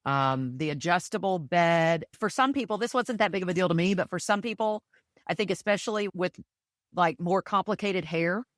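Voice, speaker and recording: Podcast guest, woman from Texas, low pitch, dry close sound, chatty and enthusiastic storyteller. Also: normal speed, no room sound. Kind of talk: casual interview chat.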